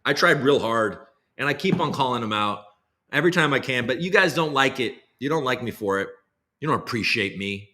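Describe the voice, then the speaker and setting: A man's voice: mid-range voice, animated, fairly quick, pushed and bright. A man hosting a casual livestream, rambling, self-deprecating and swearing now and then. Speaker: livestream host.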